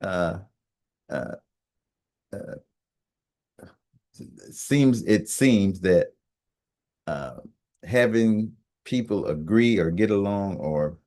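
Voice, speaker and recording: Slow, halting man with a low voice. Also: expressive, a little mellow. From United States. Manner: halting, many fillers and restarts. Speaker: radio talk host. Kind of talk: casual monologue.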